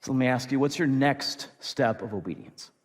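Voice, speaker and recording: A man's voice: mid-range voice, lively intonation, normal speed. Man preaching in a reverberant hall. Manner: earnest, repetitive, swings between loud and soft. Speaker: pastor. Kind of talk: sermon.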